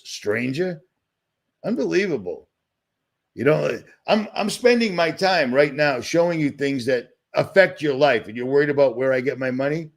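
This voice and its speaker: A man from Boston rants on his livestream, sarcastic and easily agitated, circling back on himself as he goes. His voice has a gravelly, fry-edged texture. He sits at a middle pitch for a man and talks into a computer mic. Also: normal speed. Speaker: livestream host. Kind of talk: ranting livestream commentary.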